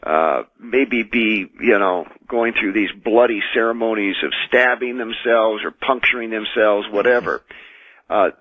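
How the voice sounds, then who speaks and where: An American man speaks as a radio interview guest over a tinny phone line. His voice is slightly husky and dry, and he tells his stories earnestly, restarting phrases as he goes. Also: on the low side, dry recording. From United States. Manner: measured, earnest storytelling with frequent restarts. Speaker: exorcist and minister, radio guest. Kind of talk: radio call-in interview, recounting experiences. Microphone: telephone.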